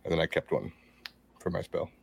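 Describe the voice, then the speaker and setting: A man's voice: extremely low pitch, animated, brisk, vocal fry, breathy edge. A man playing in a tabletop game over an online call, speaking uncertainly and trailing off. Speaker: player. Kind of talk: casual tabletop play.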